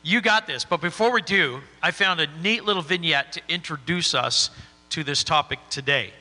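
A man's voice: a little high, normal speed, bright, forceful tone, in a large hall. A man preaching a sermon in a folksy, encouraging way.

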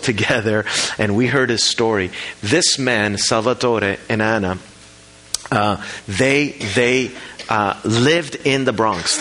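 A man preaching a sermon, telling a congregation a story in a lively storytelling way. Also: on the low side, poor audio. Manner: preaches with rising emphasis and storytelling; talks to the congregation about slides. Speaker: pastor.

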